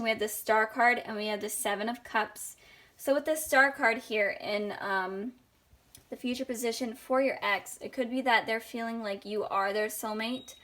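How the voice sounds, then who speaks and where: A young woman talks through a tarot spread in a loose, chatty monologue. She rambles and fills her pauses with ums, her voice sitting at an everyday middle pitch. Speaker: tarot reader. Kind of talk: casual tarot reading monologue.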